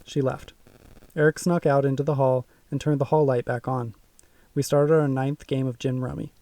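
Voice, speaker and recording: Gravelly man narrating a spooky audiobook. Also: medium pitch, dark tone, dry recording, recorded from a distance. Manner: measured, suspenseful storytelling. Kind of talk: first-person audiobook narration.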